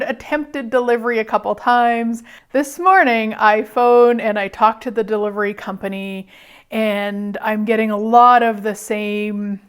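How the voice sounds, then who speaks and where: A woman hosting a radio show, telling a personal story in a candid, chatty way and laughing easily. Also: fairly high pitch.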